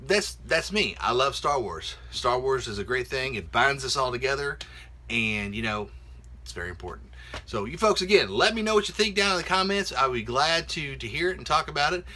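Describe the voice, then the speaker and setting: Animated, bright-voiced man ranting on a vlog. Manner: animated, mocks others in high squeaky voices. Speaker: video blogger. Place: home office.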